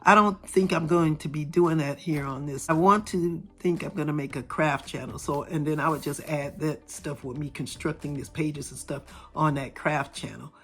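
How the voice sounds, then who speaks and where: A middle-aged woman vlogger chatting casually with her viewers, her voice still a little raspy and hoarse after a cold. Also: sits low, moderate pace, few pauses. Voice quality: slightly raspy. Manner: chatty, talks straight to viewers. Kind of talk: casual chat. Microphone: camera filming from overhead.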